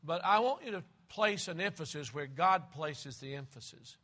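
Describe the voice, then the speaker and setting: A man's voice: fairly high pitch, animated, normal speed, sharp tone. An older man preaching a sermon, opening with an earnest prayer and then teaching from scripture with emphatic delivery.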